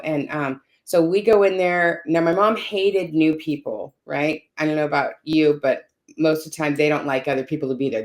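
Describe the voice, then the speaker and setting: A woman telling a personal caregiving story in conversation, checking in often with "you know" and "right?". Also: sits low. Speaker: caregiver sharing her story.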